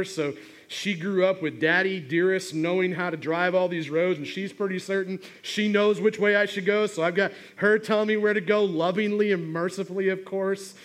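A middle-aged pastor, preaching a sermon as a humorous personal story full of restarts. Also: male voice, sits high, steady tone, brisk.

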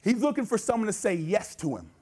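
Speaking fast in a high, dark, breathy voice with wildly swooping pitch, an American man preaches a sermon in a church sanctuary. He recounts his personal testimony casually, then builds earnestly to an urgent exhortation of his listeners.

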